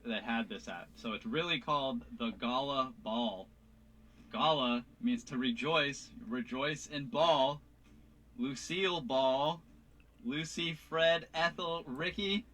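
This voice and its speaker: A man in a played clip, delivering a quick, earnest monologue full of wordplay. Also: medium pitch, a bit bright. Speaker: conspiracy commentator in a clip. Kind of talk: rapid monologue.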